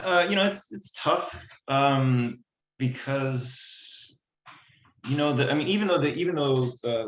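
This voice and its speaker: Halting male actor on a video call. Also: mid-range voice, roomy sound, low-quality recording. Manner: halting, many restarts and fillers, imitates relatives' lilting tone. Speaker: actor in the cast.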